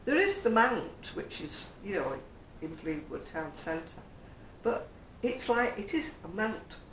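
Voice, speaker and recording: A woman's voice: medium pitch, very animated, takes it slowly, fairly bright tone. An older woman chatting in a vlog, telling stories and chuckling often. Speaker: crochet vlogger. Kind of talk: casual chat. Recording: echoey room with faint hum.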